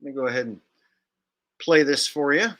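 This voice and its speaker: A man's voice: medium pitch, fairly quick, fairly bright tone. A young man hosting a casual commentary vlog, talking sarcastically and rambling, filling his sentences with "like". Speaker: vlogger and channel host.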